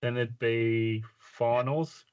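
A man's voice: medium pitch, steady tone, slow, darkish tone, smooth. A man co-hosting a casual podcast chat, dropping dry, wry quips. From Australia. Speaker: podcast co-host. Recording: slightly dull lo-fi audio.

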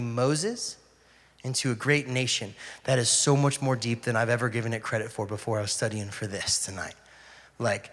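A man giving a casual, joking Bible talk, acting out quotes in loud bursts. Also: medium pitch. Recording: long hall reverb.

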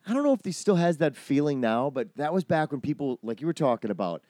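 A man hosts a casual podcast chat, steering it with probing, reflective questions. His voice sits fairly high, and the room sounds dry and close. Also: sing-song, fast talker, warm tone, dry recording.

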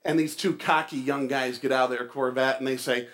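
A man's voice: mid-range voice, steady tone, a little fast, hardly any pauses, a bit bright. Chatty joking man preaching a sermon. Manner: chatty, joking, with fillers and restarts. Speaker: pastor. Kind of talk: casual sermon with a joke and announcements.

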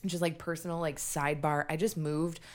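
A woman's voice: deep voice, flat delivery, a little fast. A woman in her late twenties, a podcast guest, chatting casually and rambling with lots of fillers and giggles. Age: 20s.

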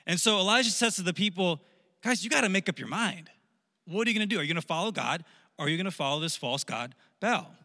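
A man preaching a sermon, telling a story with jokes and animated asides. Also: high voice, fast, big-room sound. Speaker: pastor.

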